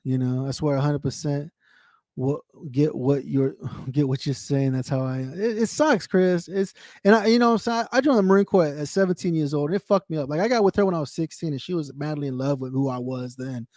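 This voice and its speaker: A man's voice: fairly high pitch, brisk, darkish tone, no room sound, studio quality. A man talking candidly on his own livestream, swearing freely, repeating himself and speaking to viewers by name. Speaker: livestream host. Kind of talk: casual emotional chat.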